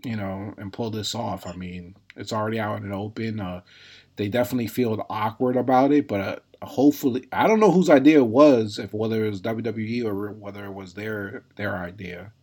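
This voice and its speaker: Low-voiced man hosting a casual podcast. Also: brisk, darkish tone, slightly rough. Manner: laughs often, many filler words. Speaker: podcast host. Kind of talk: casual wrestling podcast chat.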